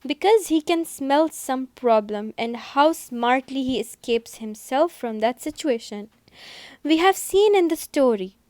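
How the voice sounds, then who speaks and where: Casting: woman schoolteacher, recorded lesson, high voice, dry close sound, patient step-by-step explaining. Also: expressive, darkish tone, no room sound. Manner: slow, repetitive, explaining step by step. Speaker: school English teacher. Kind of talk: recorded lesson for young pupils.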